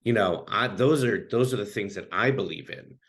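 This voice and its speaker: Man, low pitch, earnest, halting, interview guest, coach. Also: fairly bright tone. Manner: earnest, halting, with many restarts. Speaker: life coach for queer youth.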